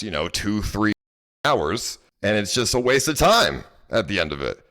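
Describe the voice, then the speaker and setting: A man's voice: low voice, sing-song, moderate pace, fairly bright tone. A man streamer telling a story to his chat in a casual, rambling way, exasperated and full of fillers and restarts. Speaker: livestreamer.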